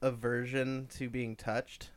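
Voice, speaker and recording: A man talking as a podcast guest, deadpan and full of absurd bits. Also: mid-range voice, slow, smooth. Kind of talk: casual comedic chat.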